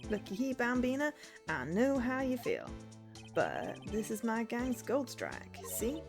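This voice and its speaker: A woman's voice: a little high, huge pitch swings, measured pace, gravelly, music in the background, pitched above the performer's own voice, heavily acted. A woman doing a drawling cowboy lawman. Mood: swaggering. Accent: put-on American. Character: swaggering cowboy detective man, drawling.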